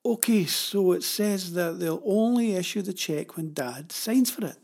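Man putting on a high, fiery ten-year-old girl. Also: moderate pace, creaky, a little mellow, breathy edge, exaggerated voice. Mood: anxious. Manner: heated, indignant outbursts. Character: spirited ten-year-old farm girl, quick to anger.

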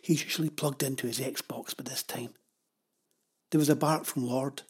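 Storybook narrator, husky tone, measured and steady delivery. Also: medium pitch. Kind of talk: children's story reading.

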